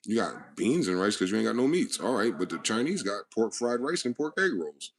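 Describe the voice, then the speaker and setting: A channel host with a lowish, sing-song voice and a breathy edge rants at a brisk clip. He delivers a profane, aggressive monologue, hammering his listeners with rhetorical questions.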